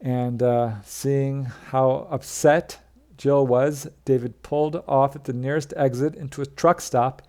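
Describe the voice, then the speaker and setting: A man telling a witness's UFO encounter in a plain, conversational storytelling way, pausing with the odd filler. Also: mid-range voice, steady tone, mellow. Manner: plain retelling with fillers, quoting witnesses in his own voice. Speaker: narrator of UFO encounter stories. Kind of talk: storytelling narration.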